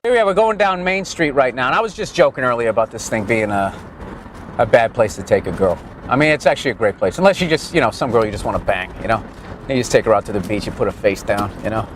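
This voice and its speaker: A man's voice: mid-range voice, lively intonation, fast, a little hiss or hum. A man giving a comic street tour outdoors, rambling in a crude, sarcastic, ranting way. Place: outdoors on a town main street.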